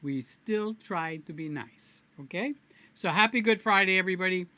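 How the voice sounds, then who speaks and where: Bright-voiced man rambling on a live stream. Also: sits high, moderate pace, no echo. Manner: rambling, playful, addresses viewers by name. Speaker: livestream host. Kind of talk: casual live-stream chat.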